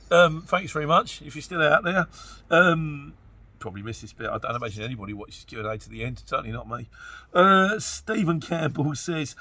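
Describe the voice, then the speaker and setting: A chatty middle-aged man from Luton with a Luton English accent talks casually, with a lively voice that jumps up and down in pitch. His tone is bright and a little husky, and he jokes his way through rambling asides. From Luton, England. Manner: chatty and jokey, rambling asides, mock-quoting others. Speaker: trucker vlogger answering viewer questions.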